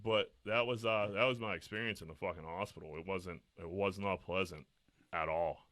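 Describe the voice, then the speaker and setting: A man's voice: low-pitched, moderate pace, a bit bright, no echo. A man in his thirties, co-hosting a casual podcast and telling stories in a rambling, profane way. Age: 30s. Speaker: podcast co-host.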